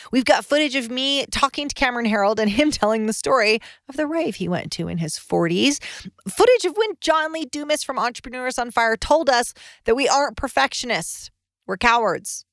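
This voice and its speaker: Woman host, middle-aged, fairly high voice, conversational and upbeat, dry studio sound. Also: fairly bright tone, no room sound. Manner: upbeat, conversational, with self-help affirmations. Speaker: podcast host. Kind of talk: casual solo podcast talk.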